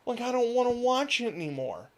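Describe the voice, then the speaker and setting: A gaming host rants casually over footage, rambling and cursing without a filter. The pitch is mid-height but swings widely from low mutters to high outbursts, so every remark sounds animated. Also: brisk. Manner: rambling, profane, animated, frequent laughter. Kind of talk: casual rant over gameplay.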